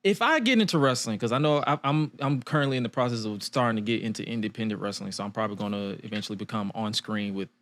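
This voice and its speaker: A man's voice: lowish voice, fast, few pauses, fairly bright tone. Young man telling stories on a podcast. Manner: loose, storytelling with quoted asides and frequent laughs. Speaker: podcast host. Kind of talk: casual chat.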